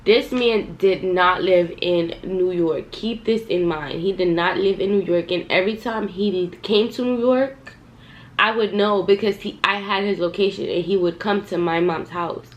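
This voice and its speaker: Young woman doing a storytime vlog, lowish voice, cussing and talking right at viewers, echoey room w faint background hum. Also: lo-fi sound. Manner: animated, profane, talks straight to viewers. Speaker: vlogger.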